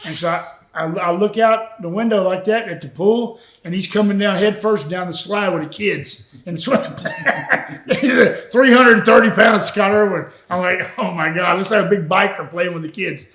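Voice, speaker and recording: A man's voice: high-pitched, big pitch swings, moderate pace, fairly bright tone, reverberant. An older man, a retired wrestler, telling road stories in a folksy, chuckling way during a shoot interview. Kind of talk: shoot interview, anecdotal storytelling.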